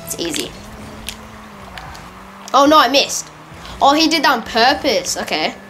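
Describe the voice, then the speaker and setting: A woman talks through an online match in a casual, running commentary with a fairly high voice. She gets excitable and laughs easily. She often stops to correct herself. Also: a little slow, faint music behind. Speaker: gamer.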